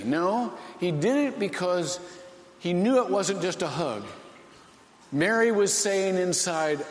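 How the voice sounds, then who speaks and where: A man preaching a sermon as pastor, slow and folksy, with dramatic pauses. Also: sits high, expressive. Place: church sanctuary. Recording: echoey hall with long reverb.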